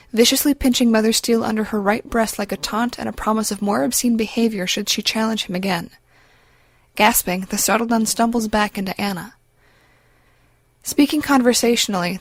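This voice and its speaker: A woman reading an audiobook in a measured, even storytelling voice, close to a studio mic. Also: medium pitch, no echo. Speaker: audiobook narrator. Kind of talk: scripted audiobook narration.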